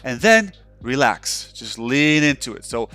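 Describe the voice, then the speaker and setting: A man's voice: mid-range voice, big pitch swings, measured pace, bright, forceful tone, soft background music. A male counselor giving a loose, conversational instructional talk over a webcam, often checking in with his listener. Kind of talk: instructional explanation.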